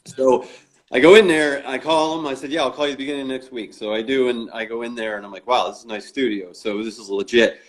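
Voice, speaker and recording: A man's voice: mid-range voice, steady tone, quick pace. Man telling a story, acting out quoted dialogue. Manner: acts out quoted dialogue in his stories; frequent restarts and fillers. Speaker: interview guest, author. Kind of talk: casual storytelling chat.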